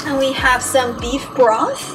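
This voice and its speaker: Music sits clearly behind this young woman as she casually walks through a grocery haul and cooking session in her home kitchen. She's an enthusiastic vlogger with a somewhat high voice who stacks words for emphasis, yet her tone stays steady and unhurried.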